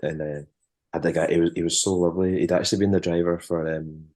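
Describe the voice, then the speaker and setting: A man's voice: low-pitched, level tone, quick pace, a little mellow. A man with a Scottish accent, a musician and former tour manager, rambling through anecdotes in a casual interview, with frequent restarts and chuckles.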